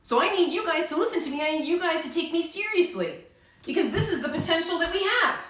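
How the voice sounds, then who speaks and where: A woman's voice: extremely high pitch, expressive, fairly quick, a bit bright. A young woman delivering an urgent, emphatic spiritual monologue to camera, pleading and repeating herself for emphasis. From United States. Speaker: self-styled spiritual channel. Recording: very echoey room.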